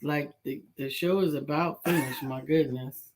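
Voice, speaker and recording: A woman's voice: deep voice, steady tone, measured pace, a little mellow. A woman co-hosting a casual live-stream chat, playing the dry straight man who teases her partner about his jokes. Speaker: co-host.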